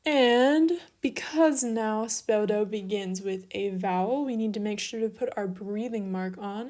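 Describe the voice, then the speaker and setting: A woman's voice: mid-range voice, unhurried, few pauses, darkish tone. A young woman teaching an online lesson, working through steps methodically and talking herself through small mix-ups.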